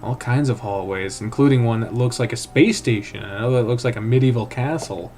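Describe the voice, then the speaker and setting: A man reading a visual novel aloud in first person, with a hushed, tense, dramatic delivery. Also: medium pitch, fairly quick, faint music behind. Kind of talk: first-person story narration.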